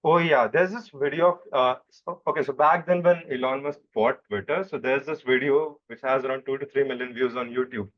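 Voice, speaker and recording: Young man, interview guest, relaxed explaining, frequent restarts, muffled lo-fi sound. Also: medium pitch, brisk. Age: young adult. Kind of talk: casual chat. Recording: dull lo-fi microphone.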